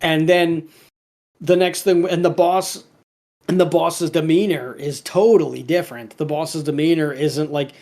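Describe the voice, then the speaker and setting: A man with a somewhat high voice co-hosts a casual podcast. He retells a cartoon episode in a loose, rambling way, restarting often and filling gaps with "like" and "um." Now and then he quotes the characters in a lightly acted tone. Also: fairly even intonation, unhurried, darkish tone. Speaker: podcast co-host.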